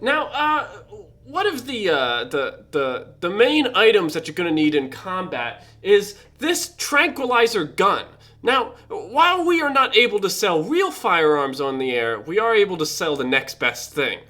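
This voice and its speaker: A man's voice: high voice, very animated, a little slow, few pauses, pushed and bright, full character voice. A man playing a hard-selling shopping-channel salesman who keeps saying "now, now.". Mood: pitching. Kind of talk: improv comedy game.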